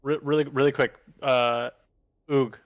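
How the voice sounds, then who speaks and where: Flat-toned, clear-voiced man. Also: medium pitch, measured pace, dull audio. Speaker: player. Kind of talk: tabletop game play.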